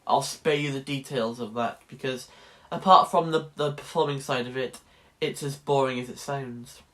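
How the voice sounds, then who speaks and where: A man's voice: mid-range voice, steady tone, normal speed, fairly bright tone. A young man in his late teens chatting wryly in a casual vlog about his drama course. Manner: chatty and wry, restarts sentences. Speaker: drama student vlogger.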